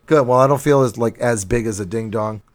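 A man's voice: medium pitch, brisk, dry recording. A man co-hosting a podcast in casual chat, telling rambling jokey stories. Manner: joking, rambling storyteller. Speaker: podcast co-host.

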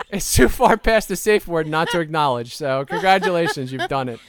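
A man's voice: fairly high pitch, normal speed, crowd noise. A man hosting a casual comedy podcast, playful and often laughing mid-sentence. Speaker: podcast host.

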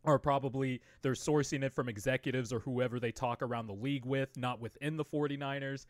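Excitable, rambling male co-host. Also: mid-range voice, no echo, studio quality. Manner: excitable, swearing, rambling storyteller. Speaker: podcast co-host. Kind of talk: casual sports podcast chat.

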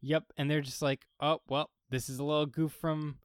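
A man's voice: fairly high pitch, moderate pace, clear, resonant tone, no room sound, studio quality. A man co-hosting a casual chat, recapping a TV episode and acting out the characters' lines. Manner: animated, acts out characters' lines. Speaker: podcast co-host.

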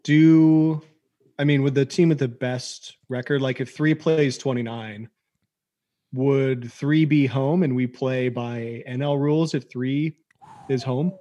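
Man tossing quick opinions on sports. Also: medium pitch, steady tone, dark tone, lo-fi sound. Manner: quick to react, short opinions. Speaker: podcast co-host. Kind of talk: casual sports chat.

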